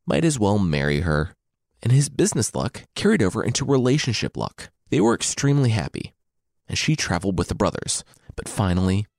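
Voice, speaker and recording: A man's voice: lowish voice, dry recording, studio quality. A man telling a story as comedy, with irreverent, sarcastic asides.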